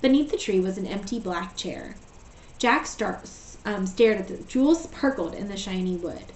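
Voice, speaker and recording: A woman teacher reading a storybook aloud in a steady, gentle way. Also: medium pitch, normal speed. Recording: echoey room, voice far from mic.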